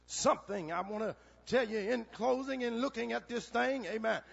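A man preaching a funeral sermon, shouting in bursts and swooping up and down in pitch. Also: normal speed, creaky, slightly rough, dull audio.

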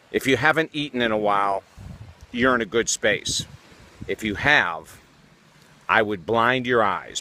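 A man's voice: medium pitch, bright, forceful tone, slight background noise. A man playing a field reporter in a comic mock news report, with a dramatic, mock-serious delivery, speaking outdoors by the water.

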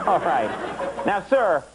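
A man's voice: sits high, very animated, very slow, background noise. A male late-night talk show host, exasperated and interrupting with repeated "sir" in a comedy sketch.

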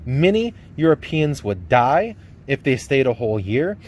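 A man's voice: mid-range voice, very animated, measured pace, a little mellow. Man giving a casual history lecture. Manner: conversational, many fillers and restarts, rhetorical questions. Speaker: history teacher. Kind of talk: recorded lecture.

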